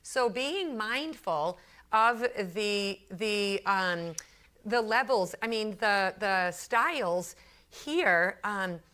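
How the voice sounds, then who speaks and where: A woman consultant giving a talk to a business audience, telling a workplace story in a chatty, animated way with lots of fillers. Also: mid-range voice, extremely slow. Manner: chatty, animated storyteller who acts out her anecdotes; frequent fillers and repeated phrases.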